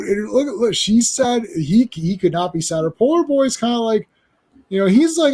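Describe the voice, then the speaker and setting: A man with a notably high voice chats about comics in a loose, joking way. He swears casually and puts on mocking lines for the characters. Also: expressive, normal speed, a little mellow. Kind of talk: casual comic book chat.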